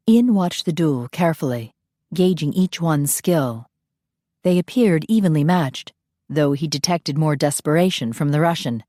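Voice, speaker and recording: Audiobook narrator, woman, low voice, dry close recording, measured reading. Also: lively intonation, mellow, no room sound. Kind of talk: scripted narration.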